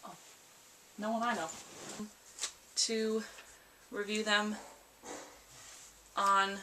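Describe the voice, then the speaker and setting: A woman's voice: mid-range voice, flat delivery, drawn-out words, pushed and bright, slight background noise. A young woman from America chatting casually to camera about library books, rambling and playfully dramatic. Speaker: book vlogger. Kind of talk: casual book chat to camera.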